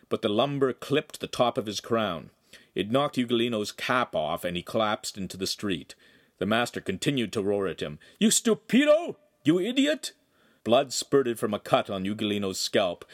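A man narrating a young adult novel in an expressive storytelling manner. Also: lowish voice. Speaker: audiobook narrator. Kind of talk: scripted narration.

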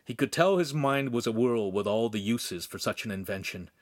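A man narrating a young adult novel as an audiobook, with animated storytelling. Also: lowish voice, moderate pace, dry recording, studio quality. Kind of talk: scripted narration.

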